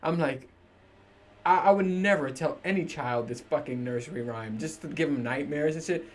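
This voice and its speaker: Speaking at a normal speed with a fairly high pitch, a man in his thirties who hosts a podcast riffs to the camera alone. He's profane and jokey, laughing a lot along the way.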